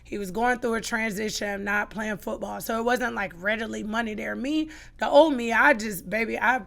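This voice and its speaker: A woman's voice: fairly high pitch, normal speed, gravelly, fairly bright tone. A middle-aged woman, a podcast guest, giving an emphatic personal testimony and acting out the lines she quotes.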